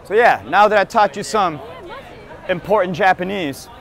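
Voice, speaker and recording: A man's voice: high-pitched, moderate pace, a bit bright, some chatter behind. A hungover man hosting a crude comedy podcast on a city street at night, talking in a loose, brash, joking way. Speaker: podcast host. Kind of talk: crude casual comedy chat. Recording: outdoor street with faint traffic.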